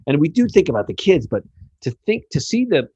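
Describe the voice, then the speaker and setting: A middle-aged man from the United States hosting a casual podcast, telling stories in an animated, joking way with plenty of fillers. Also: a little high, a little fast, slightly rough, no room sound, muffled recording. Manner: animated storyteller, jokey, many fillers. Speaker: podcast host.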